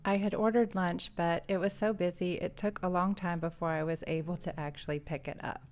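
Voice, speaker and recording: A woman, an artist and shop owner, narrating her vlog in a calm, matter-of-fact voice-over. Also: on the low side, brisk. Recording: voice-over with faint background music.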